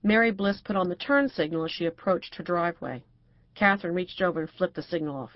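A woman narrating an audiobook in an even, unhurried reading. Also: on the low side, no echo. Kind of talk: scripted narration. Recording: dry, dull audiobook recording.

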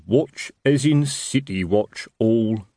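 A man's voice: mid-range voice, slow, dark tone, dry recording, studio quality, voice pushed up. A man playing a middle-aged city watch sergeant who talks expansively and self-importantly in a working-class way.

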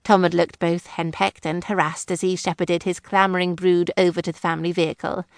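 A woman's voice: fairly low pitch, brisk, dry recording, clean studio sound. A woman reading a novel aloud as a first-person narrator. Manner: even, clear storytelling. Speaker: audiobook narrator.

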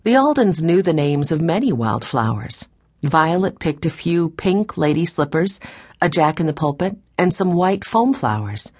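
A woman narrating a children's audiobook with clear, expressive storytelling on a close mic. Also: deep voice, moderate pace.

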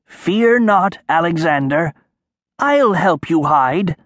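A man's voice: on the high side, lively intonation, slow, a bit bright, dry recording, studio quality. A man voicing an old, helpful male dwarf who speaks reassuringly.

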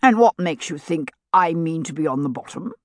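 A woman's voice: sits low, expressive, normal speed. A woman doing a cocky little lieutenant. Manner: cocky, dignified. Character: short cocky young male lieutenant, a lecher.

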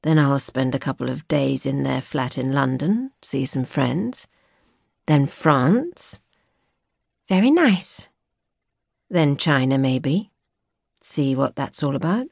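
A woman's voice: very deep voice, lively intonation, takes it slowly, creaky, pauses often, a little mellow, no echo, exaggerated voice. A posh young man with a lazy, offhand drawl, voiced by a woman narrator. His lines sit a little below her own voice and sound flippant and unbothered. The studio sound is dry and close. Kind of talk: audiobook character voice.

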